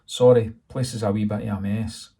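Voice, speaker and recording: Audiobook figure: man reading hulking hairy ex-roadie, husky, homely. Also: fairly low pitch, little pitch movement, moderate pace, warm tone. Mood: gruff friendly. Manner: friendly, folksy Scots turns of phrase. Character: hulking hairy ex-roadie, cheery then businesslike.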